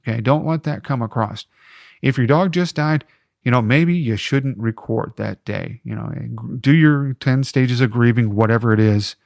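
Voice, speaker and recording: Gravelly-voiced man giving podcast advice. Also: medium pitch, moderate pace, dry recording. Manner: chatty, encouraging, jokey asides. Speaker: podcast host. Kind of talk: casual podcast advice talk.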